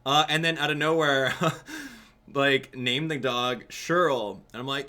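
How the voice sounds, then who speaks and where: Excited laughing game streamer man. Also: medium pitch, normal speed. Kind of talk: casual game commentary. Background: background music.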